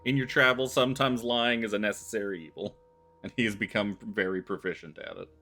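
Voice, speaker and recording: A man's voice: on the low side, fairly even intonation, brisk, sharp tone. A man playing a tabletop game who describes his character's actions in a wry, laid-back way. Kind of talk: casual game table chat.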